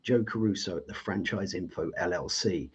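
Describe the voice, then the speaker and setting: A man's voice: deep voice, normal speed, breathy edge. Upbeat male show host. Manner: enthusiastic, lots of fillers and restarts. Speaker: host of a live debate show. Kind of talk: live online show hosting. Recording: slightly dull lo-fi audio.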